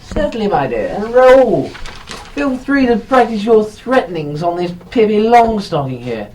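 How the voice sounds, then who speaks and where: A woman's voice: mid-range voice, very animated, a little slow, a little mellow, a little hiss or hum. A woman voicing a pompous, condescending severed head of a male cemetery landlord.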